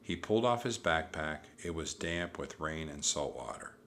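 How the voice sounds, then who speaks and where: A man narrating a children's audiobook in a steady, measured storytelling voice. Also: extremely low pitch, slight background noise.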